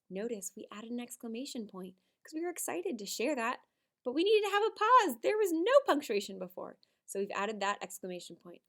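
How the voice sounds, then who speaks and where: A woman teaching first graders a writing lesson, animated and sing-song, with dramatic emphasis. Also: mid-range voice, brisk. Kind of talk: video writing lesson for young children.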